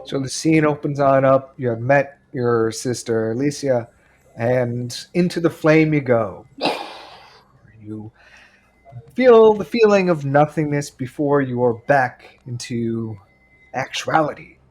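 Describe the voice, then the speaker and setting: A man narrating a tabletop game as game master, slow and measured with pauses. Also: mid-range voice, a little mellow.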